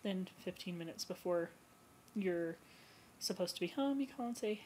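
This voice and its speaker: A woman counselor speaking to camera in a relaxed, conversational vlog, explaining ideas for eating disorder recovery. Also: lowish voice, normal speed, slight background noise, rough recording. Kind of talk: educational vlog talk.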